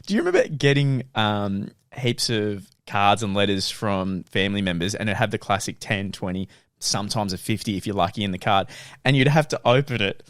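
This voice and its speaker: Lively young man, dry mic. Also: lowish voice, a little fast, clear, resonant tone, no echo. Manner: animated storytelling, laughs a lot. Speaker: podcast co-host. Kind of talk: casual chat.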